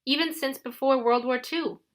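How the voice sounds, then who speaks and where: A woman's voice: high voice, fairly even intonation, moderate pace, lightly acted. A woman voicing a desperate teenage boy hero who pleads and urges others. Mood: earnest. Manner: urgent, pleading.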